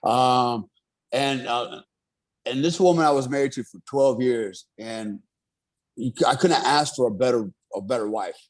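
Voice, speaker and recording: A middle-aged man who is a military veteran, telling his story in a casual interview with an earnest, rambling manner. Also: mid-range voice. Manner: rambling, many fillers, earnest.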